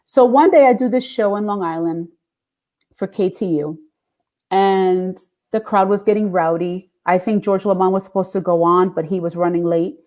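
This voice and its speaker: A woman's voice: fairly low pitch, moderate pace. A middle-aged woman, a singer and radio DJ, telling stories in a casual interview and acting out the voices she quotes. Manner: animated, acts out quoted voices with laughs.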